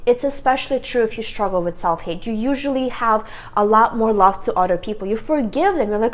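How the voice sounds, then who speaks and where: A woman's voice: on the high side, expressive, fairly quick, hardly any pauses. A woman with a worn, strained voice giving an earnest self-help talk to camera, stressing her points by repeating them. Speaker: vlogger.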